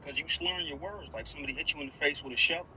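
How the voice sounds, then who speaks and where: A man's voice: a little high, rapid-fire, pushed and bright, slight background noise, rough recording. A man in a car doing a comedy impression of a whiny, indignant male governor who pleads and gets defensive.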